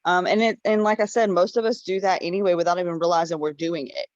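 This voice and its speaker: A woman team member explaining a sales idea on a video call, in a relaxed, conversational way. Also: fairly low pitch, quick pace, dry recording. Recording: dull, dry video call audio.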